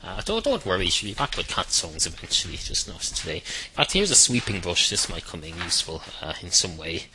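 A middle-aged Irish man hosting a podcast, delivering a deadpan, meandering comic monologue full of fillers and restarts. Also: low-pitched, fairly quick, slight background noise, poor audio. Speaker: podcast host. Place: at home at night.

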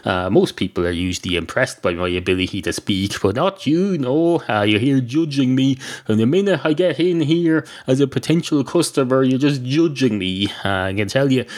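A man's voice: medium pitch, lively intonation, moderate pace, few pauses, a little mellow, lightly acted. A man voicing an indignant talking male cat in an improvised comic story, rambling in touchy, self-justifying complaints.

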